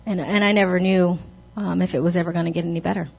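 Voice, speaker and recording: A woman's voice: lowish voice, fairly even intonation, fast, gravelly, breathy edge, lo-fi sound. A woman telling the congregation her personal testimony in a church, hesitant and earnest, with many restarts. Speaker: church member giving testimony. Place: church sanctuary.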